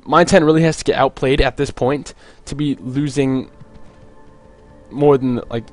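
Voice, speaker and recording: A young man casting a video game match on his own, chatty and jokey, with many filler words and quick asides. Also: mid-range voice, steady tone, darkish tone, faint music behind. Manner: rambling, jokey, lots of "like" fillers. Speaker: esports caster. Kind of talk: solo play-by-play commentary.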